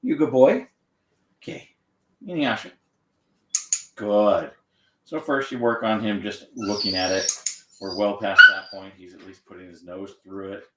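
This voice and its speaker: A man training a dog on camera, gently encouraging it and explaining each step. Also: sits low, measured pace, pauses often, far from the mic. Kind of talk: live training demonstration with explanation. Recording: echoey room, off-mic, faint noise.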